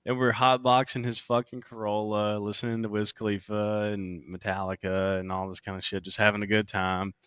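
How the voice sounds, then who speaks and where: A young man on a podcast telling a story in a casual, animated and profane way, acting out what people said. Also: lowish voice, fairly quick, hardly any pauses, clean tone, dry recording, clean studio sound. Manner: animated, profane, acts out quotes. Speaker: podcast co-host.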